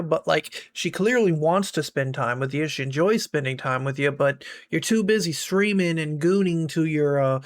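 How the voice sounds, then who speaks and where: A man giving casual online drama commentary in a wry, rambling way, full of fillers. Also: fairly high pitch.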